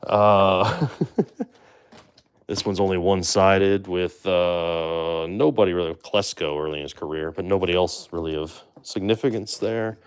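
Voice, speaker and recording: A man with a low, deep voice hosts a live stream in a relaxed, chatty way. He talks loosely with plenty of fillers and asides to his viewers. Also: measured pace, clear, resonant tone. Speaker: livestream host opening baseball card boxes. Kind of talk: casual live-stream commentary.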